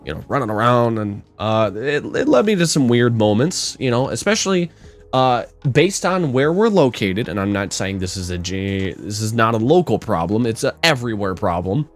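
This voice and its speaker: A young man co-hosting a podcast, telling stories in a casual, animated way, swearing and acting out the people he quotes. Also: medium pitch, normal speed. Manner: animated, swearing storyteller who acts out quotes loudly. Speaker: podcast co-host. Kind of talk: casual storytelling chat.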